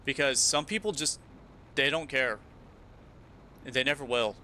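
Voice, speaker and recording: Bright-voiced young man rambling on stream. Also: mid-range voice, unhurried, slight background noise. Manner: rambling, restarting storyteller. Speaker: game streamer. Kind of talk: casual chat while gaming.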